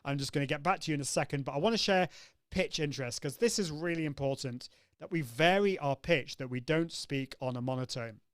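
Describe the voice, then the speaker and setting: A man's voice: fairly high pitch, brisk, no room sound. A man hosting a live coaching show, upbeat and demonstrative, answering viewers' comments as he teaches. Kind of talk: live-stream coaching talk.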